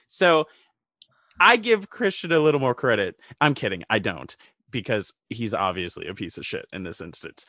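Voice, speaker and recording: A man's voice: medium pitch, normal speed, bright, forceful tone, no echo. A man chatting casually with friends, telling a story with dry, teasing humor. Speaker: podcast co-host. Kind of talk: casual chat.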